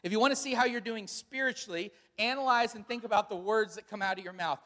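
A man's voice: high-pitched, fast, bright, forceful tone. Man preaching in a reverberant church hall. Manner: casual, storytelling, with frequent fillers. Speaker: pastor. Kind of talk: sermon with announcements.

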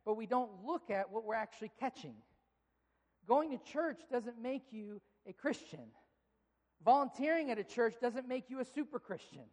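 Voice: mid-range voice, animated, moderate pace, darkish tone. Preacher telling a story in a reverberant hall. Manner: storytelling, acting out dialogue, rambling restarts. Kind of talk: sermon with a personal story.

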